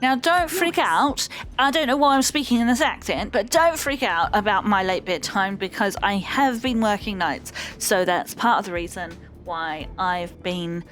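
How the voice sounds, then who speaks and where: A woman's voice: medium pitch, moderate pace, faint music behind. Chatty woman hosting a game playthrough. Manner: chatty, rambling, animated. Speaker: let's play host. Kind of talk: casual gameplay commentary.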